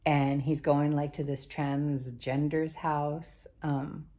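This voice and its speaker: A woman's voice: sits low, little pitch movement, slow, warm tone. A young woman casually recapping a TV episode, rambling and slangy with lots of fillers like "um" and "like.". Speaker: TV show recap vlogger. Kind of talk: casual spoken show recap.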